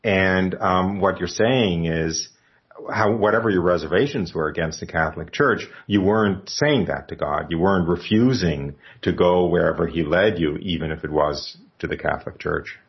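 Low-voiced man hosting religious radio. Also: moderate pace, lo-fi sound. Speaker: radio host. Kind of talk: religious call-in talk.

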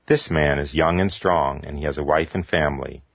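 A man reading the lines of a serene older male priest, speaking quietly and gently. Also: rumbling low, a little fast, creaky, no echo, heavily acted. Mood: calm. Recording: dull lo-fi recording.

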